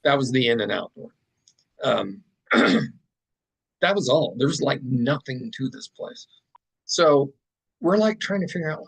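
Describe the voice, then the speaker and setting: Gravelly husky man telling a story. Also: medium pitch, unhurried, long pauses, low-quality recording. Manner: animated, rambling with fillers and asides. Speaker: podcast guest, fine artist. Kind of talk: casual storytelling.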